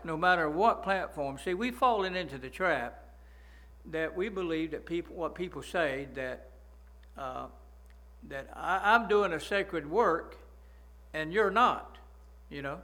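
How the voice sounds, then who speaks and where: A man preaching a sermon, folksy, slowing down to stress his points and asking the congregation for agreement. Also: a little high, sharp tone. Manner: slows down to stress key phrases. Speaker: pastor.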